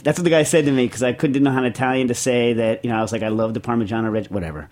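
A man's voice: medium pitch, rapid-fire, darkish tone. A middle-aged man hosting a podcast, reading a listener question and rambling through his answer with jokes, fillers and restarts. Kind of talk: casual chat.

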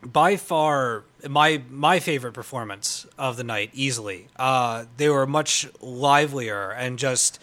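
A man's voice: mid-range voice, unhurried, fairly bright tone. A man chatting on a podcast who rambles enthusiastically through his memories. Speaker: podcast panelist. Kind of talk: casual chat.

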